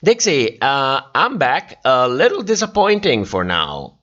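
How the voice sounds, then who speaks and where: A man's voice: medium pitch, huge pitch swings, unhurried, sharp tone, lo-fi sound. A tired man hosting a livestream, casually chatting and reacting to viewers' comments while laughing often. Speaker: livestream host. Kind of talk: casual chat reading live comments.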